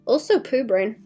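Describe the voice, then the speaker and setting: A woman's voice: high voice, dark tone, husky. A woman artist on a casual livestream, rambling as she thinks aloud about her drawing and adding playful sound effects.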